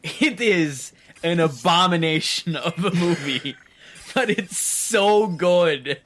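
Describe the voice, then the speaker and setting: A let's play co-host chatting casually while playing, animated and laughing often. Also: mid-range voice, slow pace, a little hiss or hum. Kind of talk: casual gameplay chat.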